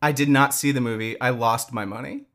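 A man co-hosting a podcast, telling a story in casual chat, animated and quick to swear, with many restarts. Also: mid-range voice. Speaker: podcast co-host.

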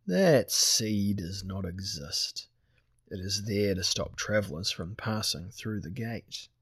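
A man voicing a jovial, gnarled male giant executioner who speaks slowly and mockingly, in a husky voice. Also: on the low side, expressive, a bit bright, no echo, clean studio sound, exaggerated voice.

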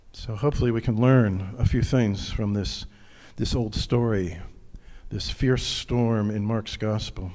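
A male pastor preaching a sermon in an earnest, personal way, dropping his voice low when he speaks of his own struggles. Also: darkish tone, long reverb tail.

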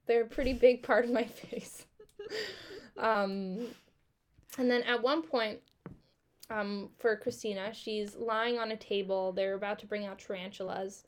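A woman's voice: medium pitch, a little slow. A young woman co-hosting a casual chat, telling a story with lots of swearing and acted-out quotes. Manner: animated, swearing, acts out quotes. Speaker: podcast co-host.

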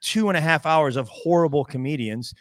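Male comic, 50s, Midwest-raised, animated yarn-spinner, slightly high voice, dry close recording. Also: a little fast, dry recording. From American Midwest. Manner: animated storyteller acting out dialogue in other voices. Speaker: guest comedian. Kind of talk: casual storytelling chat.

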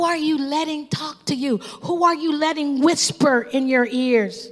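A woman preaches a passionate sermon in a high, ringing voice. Her voice carries a long reverb tail, and she calls out to her listeners as she goes. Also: fairly even intonation, measured pace, few pauses. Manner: impassioned, calls out to the congregation.

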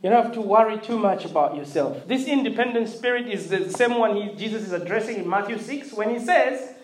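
Here a middle-aged preacher gives a lively sermon, jumping from loud emphasis to near-whispered prayer. Repeated words and frequent checks on the listeners keep it conversational. The voice rings through an echoing church hall. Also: medium pitch, a little fast, few pauses. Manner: animated, swings from loud emphatic to quiet intimate; repeats words, asks the congregation for response. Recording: roomy echo.

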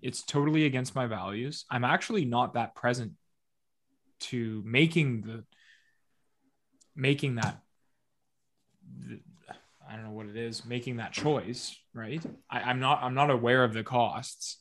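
A man's voice: medium pitch, a little slow, long pauses, fairly bright tone. Reflective man reading notes on a podcast. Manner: reflective, reads notes aloud. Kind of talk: casual podcast conversation.

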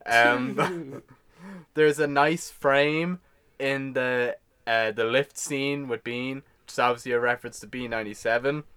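Man, podcast co-host, casual, note by note, giggly, bright and clear tone. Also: medium pitch, a little slow. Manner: laughs often, goes through his notes one by one. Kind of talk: casual chat reading out film notes.

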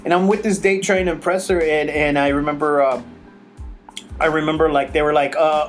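A man telling a story in casual chat, acting out quotes in a higher voice, swearing and laughing as he goes. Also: moderate pace, soft background music. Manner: animated, acts out quotes in a higher voice; swears freely, laughs while telling stories. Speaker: podcast host.

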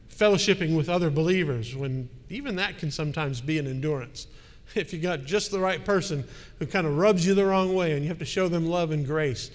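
A male pastor with a high voice delivers a relaxed, conversational sermon. His words carry a long reverb, as if he is in a large sanctuary. He often turns to the congregation with questions.

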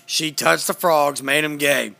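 A man's voice: a little high, steady tone, a little slow, vocal fry, sharp tone, full character voice. Man doing a ranting conspiracy radio host. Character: blustering male conspiracy radio host, middle-aged. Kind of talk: comedic impression.

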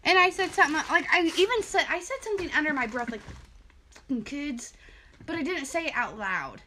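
A young woman co-hosting a casual chat show, telling stories in an animated, profane way. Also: sits high, fast talker, a little hiss or hum. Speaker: podcast co-host.

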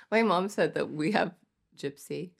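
A woman's voice: lowish voice, vocal fry. A woman in her twenties chatting casually as co-host, giggling often and filling her talk with "like". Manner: giggly, chatty, lots of filler likes. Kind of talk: casual chat.

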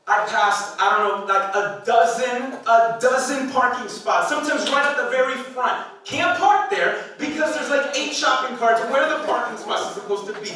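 High-voiced playful pastor in an echoey hall. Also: male voice, pushed and bright, far from the mic, slight background noise. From Hispanic background. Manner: playful, conversational, rhetorical questions to the crowd. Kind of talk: sermon. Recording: echoey hall, speaker off-mic.

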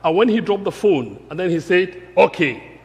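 A man's voice: high-pitched, animated, normal speed, a little mellow, big-room sound. A man from Africa preaching a sermon, earnest and emphatic, repeating key phrases. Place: church.

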